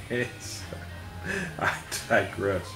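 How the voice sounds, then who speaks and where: A man's voice: lowish voice, fairly even intonation, extremely slow. A middle-aged man rambling through a casual monologue, laughing often and swearing freely. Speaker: podcast host. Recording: echoey room with faint music.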